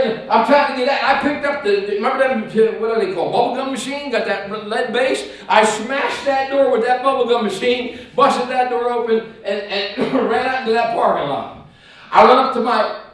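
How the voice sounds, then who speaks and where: A man preaching a sermon as an evangelist, telling a folksy personal story with lively, acted-out voices. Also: extremely high pitch, moderate pace. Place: church sanctuary. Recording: echoey church, mic from a distance.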